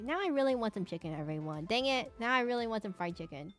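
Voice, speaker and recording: A woman's voice: on the high side, very animated, quick pace, few pauses, faint music behind. Chatty young woman streamer rambling playfully. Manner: rambling, playful, talks to chat, hums. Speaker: streamer drawing for chat. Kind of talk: casual chat while drawing.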